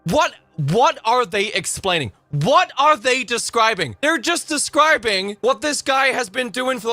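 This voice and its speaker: A man's voice: very high voice, a little slow, few pauses, dry recording. A man hosting a live stream, reacting to a clip with sarcastic, sweary commentary. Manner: sarcastic, sweary, lively ranting.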